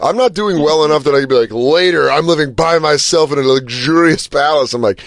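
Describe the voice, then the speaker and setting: A man's voice: fairly high pitch, brisk, gravelly, no echo, studio quality. A young man co-hosting a podcast, telling stories casually and acting out what people said to him. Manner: animated storyteller, acts out quotes. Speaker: podcast co-host. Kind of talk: casual chat.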